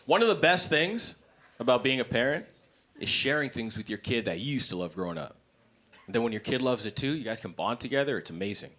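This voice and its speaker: A man doing a stand-up comedy set in a club, blunt, profane and animated. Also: mid-range voice, brisk. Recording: live comedy club, noisy ambience.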